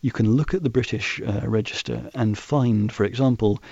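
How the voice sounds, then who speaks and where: A man answering questions as an expert guest in a radio interview, speaking in a measured, precise way with occasional restarts. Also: mid-range voice, creaky, mellow, slightly rough, dry recording, dull audio. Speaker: guest expert on financial transparency.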